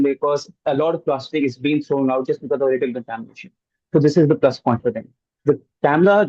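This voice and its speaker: A man from a hackathon team answers judges' questions in long, filler-heavy explanations. His voice is dark and mellow. The recording is dry and a little dull. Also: medium pitch, no echo. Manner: explains at length with many uh fillers. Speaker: hackathon team member pitching.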